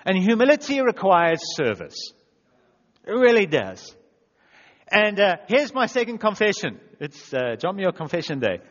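A man preaching a sermon as pastor, self-deprecating, acting out quotes in little voices. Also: fairly high pitch. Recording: dull echoey church hall sound.

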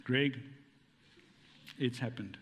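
A man's voice: mid-range voice, extremely slow, fairly bright tone, slight background noise. A man preaching a conversational sermon, full of rhetorical questions and playful asides. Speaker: pastor. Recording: long hall reverb.

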